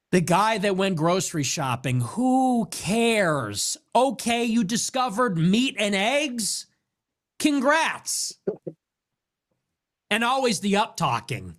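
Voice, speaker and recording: A man with a high voice delivers a comedic rant, swooping up and down as he grows exasperated. His delivery is sarcastic and full of profanity. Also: sing-song, slow, fairly bright tone. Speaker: podcast host. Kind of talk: comedic ranting monologue.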